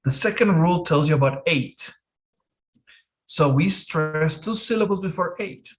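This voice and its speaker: A man teaching an English pronunciation lesson in a casual way, often checking in with "okay". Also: a little high. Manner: slow, relaxed explaining with frequent "okay".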